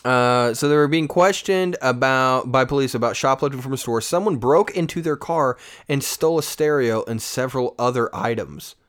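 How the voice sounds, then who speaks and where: A man's voice: medium pitch, moderate pace, few pauses, a bit bright. Man podcast co-host, casual, jokey, reads stories with tangents. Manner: joking, reads stories aloud with asides. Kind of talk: casual chat reading news stories.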